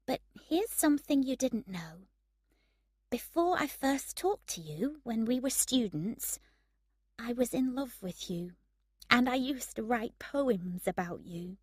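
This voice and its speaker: A woman reading aloud and voicing a proud, sharp-tongued young woman, lifting her voice high and emphatic. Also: lively intonation, slow pace, husky, no echo, clean studio sound, heavily acted. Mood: wistful.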